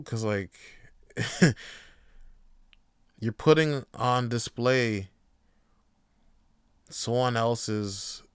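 A man hosting a podcast, talking casually and profanely, swinging from heated rants to quiet musing. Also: on the low side, no echo, clean studio sound. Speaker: podcast host. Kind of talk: casual monologue.

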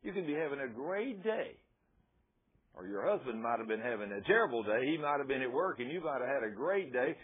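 Folksy husky male preacher on radio. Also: medium pitch, sing-song, fairly quick. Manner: folksy, conversational, emphatic. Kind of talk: sermon. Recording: tinny phone-like radio broadcast.

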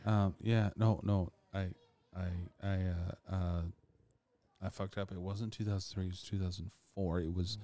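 A man's voice: low voice, fairly even intonation, moderate pace, dark tone. A man co-hosting a casual chat, teasing and rambling with many fillers. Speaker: podcast co-host.

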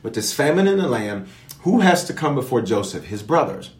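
A man preaching as a bishop, mid-pitched and emphatic, driving his points home with repeated phrases and prophetic declarations. He speaks directly to his online viewers. The voice rings out in an echoey room. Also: big pitch swings, brisk. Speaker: bishop leading online prayer. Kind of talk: preaching prayer and Bible teaching.

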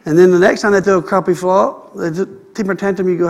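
High, gravelly preacher. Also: male voice, fast talker, hardly any pauses, long reverb tail, lo-fi sound. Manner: animated, acts out quoted people, calls for amen. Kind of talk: sermon.

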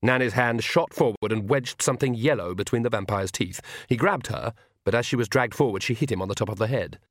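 A man narrates an audiobook in a middle-pitched, measured voice. The recording is dry and close, with no room sound. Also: dry recording. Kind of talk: scripted narration.

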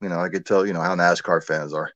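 A man with a low voice tells a personal story in a loose, chatty way, full of asides and fillers. His voice is dry and close, with a dull, lo-fi sound. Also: steady tone, fast talker, fairly bright tone, no echo. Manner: conversational, many fillers and asides. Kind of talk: casual storytelling.

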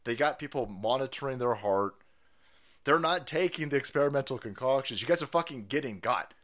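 A man hosting a political stream, ranting loudly and sarcastically with lots of swearing and mocking voices. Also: mid-range voice, expressive, brisk. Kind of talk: profane ranting commentary.

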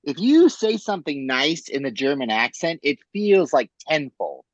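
A man co-hosting a podcast in casual chat, animated and rambling, with frequent swearing and asides. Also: on the high side, moderate pace, no room sound, muffled recording. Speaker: podcast co-host.

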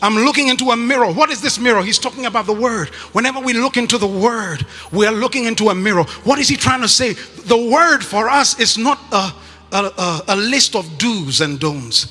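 A man preaching a sermon to a congregation, emphatic and often shouting, repeating his phrases for effect. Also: high voice, expressive, a little fast, big-room sound.

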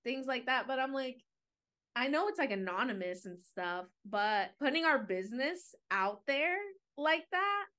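A woman's voice: high-pitched, expressive, measured pace, pushed and bright. A woman co-hosting a casual podcast, talking chattily and filling her sentences with "like". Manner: chatty, many "like" fillers. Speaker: podcast co-host.

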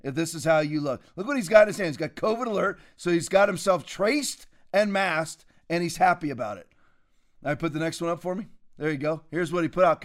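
Guy ranting on his show, high voice, mocking and fired up. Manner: combative, mocking, preachy. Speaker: show host. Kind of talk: commentary.

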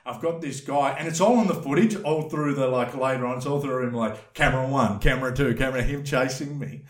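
A man telling a rambling, animated story in casual chat, swearing freely. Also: medium pitch, fairly quick, roomy sound. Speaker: podcast guest telling a story.

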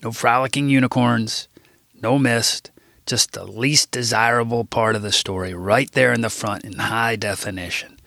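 A man reading his own book aloud in a wry, deadpan narration. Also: mid-range voice, normal speed, vocal fry, no room sound, clean studio sound. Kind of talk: audiobook narration.

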